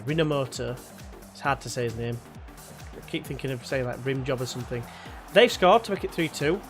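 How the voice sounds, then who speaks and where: A young man casually commentating his football management game, chatty and excitable, jumping between jokey asides and frustration. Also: a little high. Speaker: gaming YouTuber.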